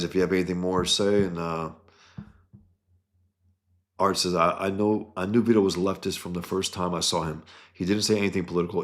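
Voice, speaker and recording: A man with a very low voice talks casually to his livestream viewers, blunt and full of scorn. He trips over fillers and restarts. The room around him is echoey. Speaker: livestream host.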